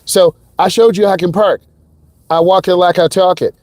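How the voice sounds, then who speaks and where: A man's voice: high voice, steady tone, moderate pace, darkish tone, no room sound. A man working as a driving instructor, giving hyped, talk-to-the-viewer commentary from inside a car while he drives. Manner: hyped, talks straight to viewers. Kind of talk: live driving lesson commentary.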